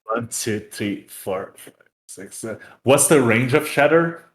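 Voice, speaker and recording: A man's voice: medium pitch, expressive, measured pace. A young man running a tabletop game as dungeon master, describing scenes in a rambling way full of fillers.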